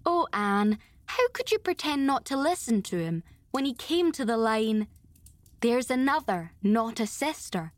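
A woman voicing a lively, giggly young girl who chatters eagerly to her friend. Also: a little high, a little slow, no room sound. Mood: teasing.

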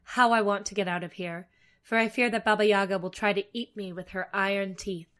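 A woman's voice: medium pitch, steady tone, fairly quick, close to an everyday voice. A woman voicing a kind, polite little girl in a storybook reading. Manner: polite, soft.

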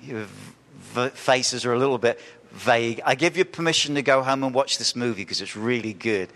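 Man, pastor, sermon, animated delivery, mid-pitched voice, long hall reverb. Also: moderate pace. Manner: animated, acts out quoted voices, asks the congregation questions.

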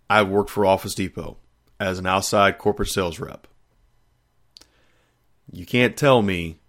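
A middle-aged man, hosting a faith podcast and telling a personal testimony in an animated, storytelling way with frequent laughter. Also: lowish voice. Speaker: podcast host.

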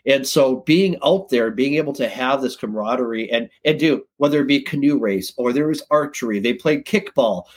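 A man talking as a guest on a podcast, telling stories in a casual, lively way and jumping up in pitch when he gets excited. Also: normal speed, hardly any pauses. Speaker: guest, sales director.

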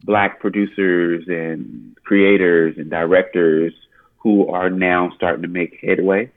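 A man, an actor, chatting casually as a guest in an interview, playful and quick to laugh. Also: sits low, phone-quality sound. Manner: laughs often, lively and playful.

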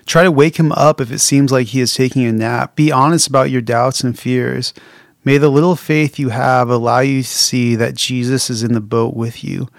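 Guy preaching a sermon, honest and chatty, mid pitch, dry sound. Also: fairly even intonation, normal speed, creaky, dry recording. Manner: candid, reflective and conversational. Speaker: pastor.

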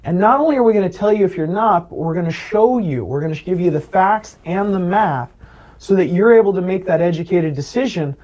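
Earnest male planner, high mellow voice, lo-fi interview audio. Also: a little fast. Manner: earnest, animated retelling of client stories. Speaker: Medicare planner. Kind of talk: interview storytelling.

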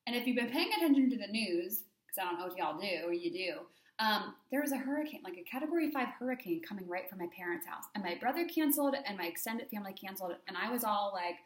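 A woman's voice: medium pitch, animated, fast talker, reverberant. A young adult woman hosting her own podcast as a business coach, chatting casually and gushing, with lots of "like" fillers. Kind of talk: casual solo podcast chat.

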